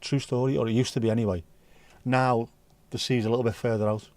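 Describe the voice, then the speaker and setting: Bloke chatting on his stream, jokey, dark tone, close dry sound. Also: medium pitch, level tone, fast talker, no room sound. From North West England. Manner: joking, banter with chat. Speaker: livestream host. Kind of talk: casual livestream chat reading comments.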